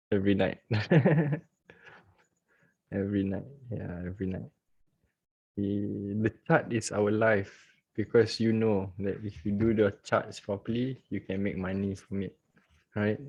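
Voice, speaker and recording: A man's voice: on the low side, fairly even intonation, a little slow, vocal fry, long pauses, darkish tone, slightly rough, muffled recording. A man hosting a casual live online trading class from home over a video call, chatty and joking, laughing often.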